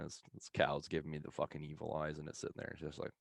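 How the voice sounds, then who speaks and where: A man's voice: extremely low pitch, monotone, fast talker, creaky, dry recording. A man on a casual podcast who tells a long story in a rambling, profane way and laughs often as he goes. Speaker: podcast co-host telling a story.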